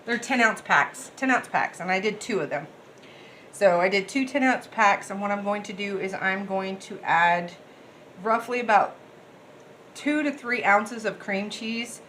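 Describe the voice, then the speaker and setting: Cooking in her home kitchen, this chatty vlogger talks straight to her viewers in a cheerful, rambling way. She has a mid-range, slightly bright voice and takes an unhurried pace, and slight background noise can be heard.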